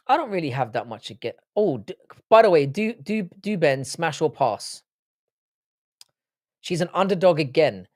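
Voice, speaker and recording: A man's voice: fairly high pitch, sing-song, normal speed, dry recording, studio quality. A man hosting a live stream, chatting casually, reading chat comments aloud and answering with swearing banter. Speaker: livestream host.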